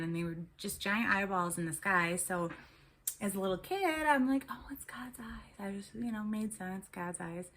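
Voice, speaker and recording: A woman's voice: fairly low pitch, a bit bright. A woman and mother of three telling a personal story to camera in a casual, rambling way, full of ums and restarts. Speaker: tarot and spirituality vlogger.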